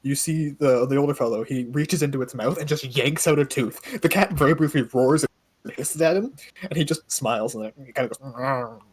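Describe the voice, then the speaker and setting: A man narrating as game master of a tabletop game, relaxed and halting with many fillers. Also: mid-range voice, husky.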